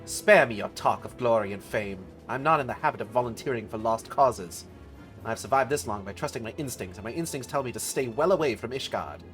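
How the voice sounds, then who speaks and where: A man's voice: medium pitch, animated, fairly quick, a bit bright, soft background music, close to an everyday voice. A man voicing a curt, cynical sellsword. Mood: dismissive. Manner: dismissive, curt.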